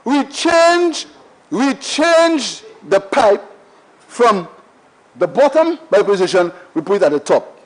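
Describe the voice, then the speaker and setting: High-pitched Saint Lucian man orating. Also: sing-song, slow, low-quality recording. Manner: emphatic oratory, heavy repetition, keeps addressing the Speaker. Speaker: member of parliament. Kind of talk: parliamentary budget debate speech. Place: parliament chamber.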